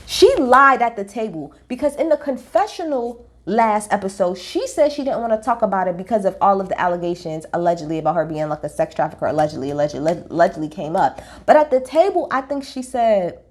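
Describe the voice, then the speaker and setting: A woman's voice: mid-range voice, expressive, fast, few pauses. A woman gives a casual recap of a reality show, speaking straight to her viewers. She is blunt and gossipy, swears freely and packs every line with opinions in easy slang.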